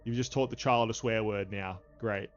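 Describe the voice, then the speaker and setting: A man running a tabletop game as game master, narrating in a relaxed way with frequent filler sounds. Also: lowish voice, moderate pace, lo-fi sound, soft background music.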